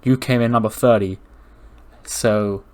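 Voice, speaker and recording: A man voicing a proud male wrestling champion who argues loudly and defends himself. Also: lowish voice, steady tone, a little slow, natural voice. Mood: defensive. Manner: loud, defensive, argumentative.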